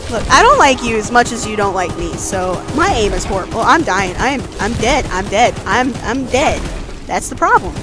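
A woman giving casual let's-play commentary as a guest host, jumpy and quick to yelp when frightened. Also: fairly high pitch, big pitch swings, over music. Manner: jumpy, yelps and squeals when scared.

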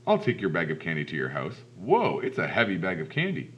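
A man doing a blunt, gruff storybook cop. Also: low-pitched, wildly swooping pitch, a little fast, a bit bright, highs cut off, heavily acted. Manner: brusque, bossy. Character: gruff male police officer, blunt.

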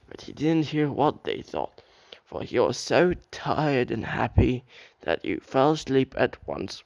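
Slow gravelly male storybook narrator. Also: mid-range voice, very animated, no echo, dull audio. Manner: reads aloud with occasional slips and restarts.

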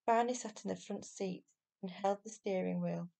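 A woman teacher reading a children's novel aloud in steady, clear storytelling. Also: medium pitch, moderate pace.

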